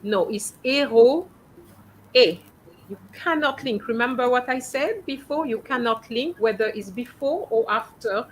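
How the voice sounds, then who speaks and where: A woman teaching French, patiently correcting students' pronunciation and often checking with a quick "okay?". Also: fairly high pitch, lively intonation, a little hiss or hum, rough recording. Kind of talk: coaching students on reading aloud.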